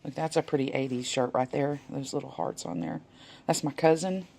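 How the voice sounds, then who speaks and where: A woman, chatting casually while leafing through old photos, rambling and muttering soft asides. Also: rumbling low, moderate pace, creaky, a little hiss or hum. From Texas. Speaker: vlogger. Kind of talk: casual reminiscing over a photo album.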